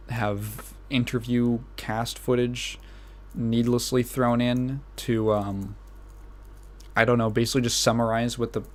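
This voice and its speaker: A young man with a Midwestern American accent hosting a solo podcast, rambling casually and laughing at his own asides. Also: mid-range voice. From Illinois. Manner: rambling, self-amused, laughs often. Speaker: podcast host.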